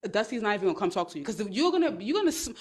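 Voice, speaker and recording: A woman's voice: medium pitch, very animated, racing, a little mellow, husky. A young woman hosting a casual advice livestream from home, blunt and profane, often acting out little scenes in other voices. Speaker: live-stream host giving advice.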